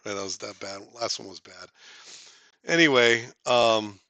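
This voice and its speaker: A man's voice: fairly low pitch, measured pace, bright, forceful tone, no room sound. A man hosting a casual live stream, chatting with viewers in a rambling, joking way, full of fillers and restarts.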